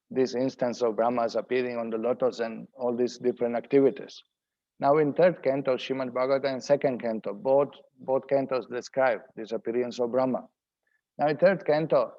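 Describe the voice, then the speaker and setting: A man teaching a scripture seminar, explaining verses word by word in an unhurried, explanatory way. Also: medium pitch, darkish tone, highs cut off. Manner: explanatory, pauses to translate word by word.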